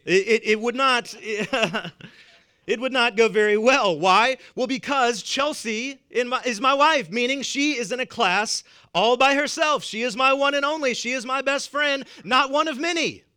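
A man with a Southern US accent preaching a sermon, his voice pitched high and ringing clear. He leans hard on his points, repeating words for emphasis, with little chuckles in between. His tone is bright and forward. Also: a little slow. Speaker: pastor. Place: church.

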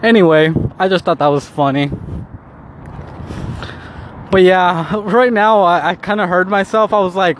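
A man's voice: high-pitched, a little slow, long pauses, background noise. A man talking casually to the camera outdoors, rambling with many restarts, swearing and laughing often. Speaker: vlogger.

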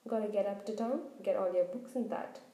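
A woman reading aloud voices a huge, kindly gamekeeper who blusters in a thick rustic dialect. His words come out loud, and the tone stays mellow. The reading carries a roomy echo. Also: medium pitch, fairly quick, lightly acted. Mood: rueful. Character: huge gruff kindly male half-giant gamekeeper.

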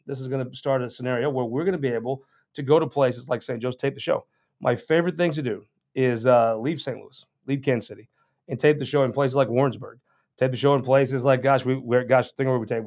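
A man's voice: mid-range voice, highs cut off. A man hosting a political show, giving a casual, rambling and folksy announcement with many restarts.

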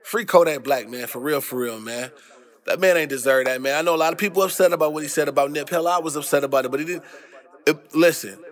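A man's voice: fairly high pitch, quick pace. A young adult man hosting a casual commentary monologue, ranting loosely with heavy slang and profanity. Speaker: host.

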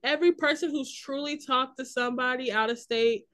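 A young woman with a high, bright voice, co-hosting a casual podcast. She talks emphatically and animatedly, leaning hard on her points. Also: a little fast. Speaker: podcast co-host. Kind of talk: casual chat.

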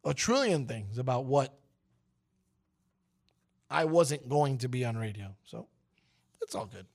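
Raspy radio host with a twang. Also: male voice, mid-range voice, lively intonation, measured pace, darkish tone. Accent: New York and Miami twang. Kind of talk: casual on-air chat.

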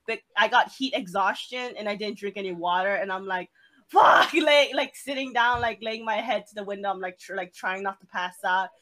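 A woman's voice: medium pitch, fairly even intonation, fairly quick, few pauses, bright, forceful tone, poor audio. A woman co-hosting a podcast, telling a story in casual chat, swearing often and laughing along. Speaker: podcast co-host.

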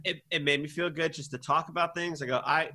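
A man in casual chat, venting in a rambling, self-deprecating way and acting out quotes in loud high voices. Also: fairly even intonation, a little fast. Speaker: guest.

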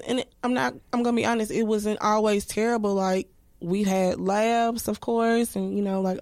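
A woman's voice: medium pitch, level tone, moderate pace, creaky, a little mellow, dry recording. A woman in her thirties speaking candidly and reflectively as a podcast guest, full of restarts and filler words. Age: 30s.

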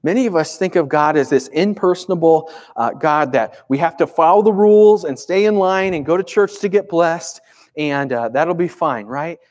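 A man's voice: a little high, lively intonation, normal speed, a little mellow. A man preaching a sermon as pastor, speaking conversationally and emphatically with rhetorical questions.

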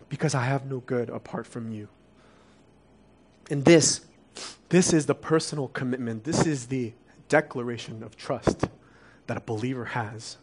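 A young adult man with a mid-range voice preaches a sermon. He is earnest and confessional, dropping soft before rising to emphatic peaks.

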